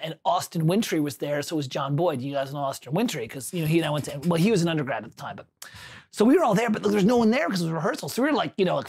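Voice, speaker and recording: Hosting a livestream, a man with a husky, fairly high-pitched voice chats in a relaxed way. He rambles through a story, keeps correcting himself, and replies to messages from viewers.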